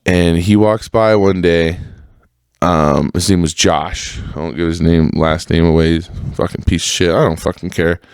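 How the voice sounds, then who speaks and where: Young male podcast host, low voice, dry close sound, profane rambling storyteller. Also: steady tone, moderate pace, clean tone, dry recording. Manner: profane, rambling, full of fillers and self-corrections. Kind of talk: casual storytelling monologue.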